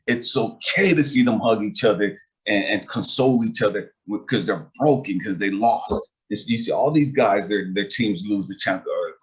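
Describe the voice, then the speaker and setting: Emphatic streetwise man, low voice. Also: moderate pace. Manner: emphatic, streetwise, repeats "you know what I mean". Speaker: host and life coach. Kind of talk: casual conversational talk.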